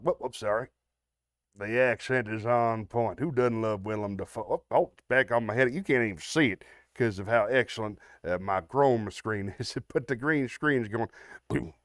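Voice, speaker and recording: A man's voice: lowish voice, clear, resonant tone, no room sound, clean studio sound. A man hosting a livestream, chatting to viewers in a friendly, rambling way with many fillers. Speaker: livestream host. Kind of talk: casual chat to viewers.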